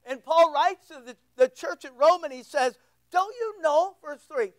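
Orta yaşlı erkek vaiz, tiz sesli, kilisede sohbet havasında vaaz veriyor. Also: male voice, extremely high pitch, measured pace, rough recording. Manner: conversational, repeats words, asks the room questions. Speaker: pastor. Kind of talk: sermon. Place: church.

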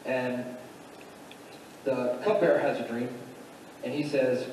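A man's voice: medium pitch, fairly even intonation, slow, darkish tone, a little hiss or hum. A man preaching a sermon, retelling a story casually with many fillers, in a church sanctuary. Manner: casual, filler-heavy retelling with "like" and "you know". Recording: echoey hall from far off.

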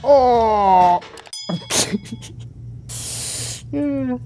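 A man reacting to memes in a relaxed, unhurried way, his pitch swinging widely between quips. He keeps to short exclamations and breaks into frequent laughter, with faint music underneath. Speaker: YouTube reaction host. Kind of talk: casual reaction commentary.

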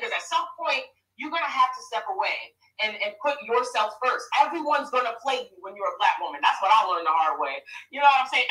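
A woman's voice: high voice, pushed and bright. A woman on a panel sharing her views earnestly and with conviction, echoey and far from the mic.

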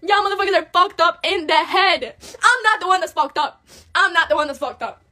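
A woman's voice: extremely high pitch, fairly quick, bright, forceful tone. A woman in her late teens, a native Spanish speaker, ranting angrily and profanely on a live stream at home, upset and agitated. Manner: angry, profane, switching between Spanish and English. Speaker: livestreamer. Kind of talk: emotional live-stream rant.

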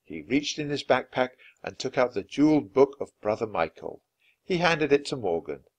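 A man reads a children's adventure story aloud. His delivery is expressive and dramatic. His pitch moves freely over a wide range. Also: moderate pace. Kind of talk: children's book read-aloud.

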